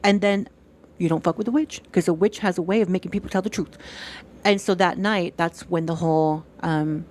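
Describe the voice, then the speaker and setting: A woman's voice: lowish voice, fairly even intonation, a little fast, a little mellow. A woman chatting casually on a stream, retelling events animatedly, acting out quoted dialogue and swearing freely.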